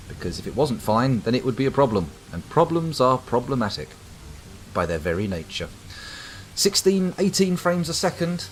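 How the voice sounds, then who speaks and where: A man from the UK giving wry, rambling live commentary on a game while chatting to viewers. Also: lowish voice. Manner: wry, rambling, talks to chat. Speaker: streamer. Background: faint background music.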